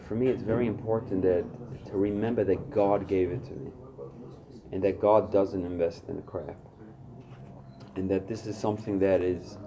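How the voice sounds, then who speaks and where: Low-voiced man sharing at a recovery meeting. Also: noisy background. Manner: earnest and searching, rising with intensity, many fillers. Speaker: recovery group speaker. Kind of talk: personal share at a recovery workshop.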